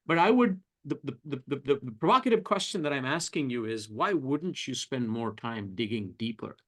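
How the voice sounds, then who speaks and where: A man moderating a business webinar, pushing a deliberately provocative question at his guest. He rambles and stumbles over repeated words while thinking aloud, at a medium pitch. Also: animated. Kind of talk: webinar panel discussion.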